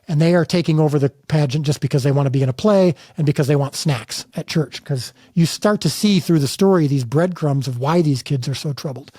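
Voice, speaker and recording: A man's voice: fairly high pitch, fairly quick, few pauses, dark tone, breathy edge, dry recording. Earnest middle-aged man, dry close sound. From United States. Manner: earnest, emphatic storytelling with restarts. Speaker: filmmaker guest. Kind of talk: candid interview conversation.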